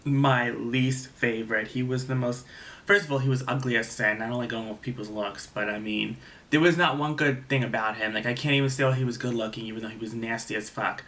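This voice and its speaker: A young man with a bright, forceful voice tells a storytime vlog. He rambles, backtracks, fills every gap with "like," and swears casually. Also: medium pitch, brisk. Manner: rambling, lots of "like" and restarts, swears freely. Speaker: vlogger.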